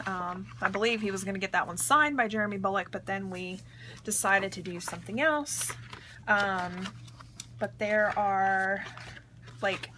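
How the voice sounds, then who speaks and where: A woman's voice: medium pitch, sharp tone, slight background noise. A young woman chatting casually to camera about a book, enthusiastic and full of fillers like "um" and "like". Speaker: vlogger reviewing a book. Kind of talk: casual book review chat. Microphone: camera mic.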